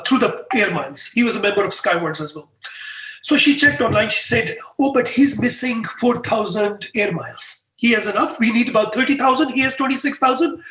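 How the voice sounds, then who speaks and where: A man, a guest in an interview, telling a story and acting out the dialogue. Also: high voice. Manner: animated, acts out dialogue with voices. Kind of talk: storytelling in conversation. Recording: echoey room, far from mic.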